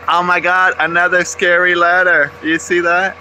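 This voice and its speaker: A man's voice: sits high, flat delivery, unhurried, pushed and bright, slight background noise, rough recording. A man vlogging outdoors near a construction site, rambling wryly and cursing freely into a handheld camera. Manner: profane, rambling and wry. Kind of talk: casual rambling monologue to camera.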